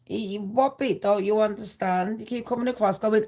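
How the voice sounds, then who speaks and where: A woman's voice: medium pitch, steady tone, normal speed, dark tone. Foul-mouthed woman ranting. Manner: profane, sarcastic, scornful. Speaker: gossip vlogger. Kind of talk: ranting casual monologue.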